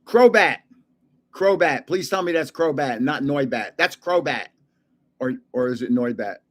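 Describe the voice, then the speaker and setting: Hosting a laid-back livestream, this man in his seventies speaks unhurriedly with a medium, slightly bright voice and lively intonation. His talk wanders, broken by frequent chuckles and pauses as he searches for words.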